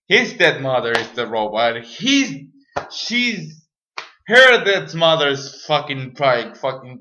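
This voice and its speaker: Forceful, profane man ranting on camera. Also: mid-range voice, muffled recording. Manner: profane, rambling and exasperated. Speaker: vlogger. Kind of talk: unscripted angry rant to camera. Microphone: camera mic.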